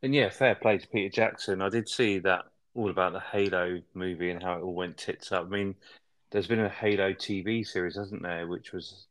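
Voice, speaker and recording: A man chats on a film podcast in an easygoing, rambling way. His voice is very deep. He drifts into stories without hurry. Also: steady tone, normal speed, fairly bright tone. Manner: laid-back, rambling anecdotes. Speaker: podcast co-host. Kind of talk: casual film podcast chat.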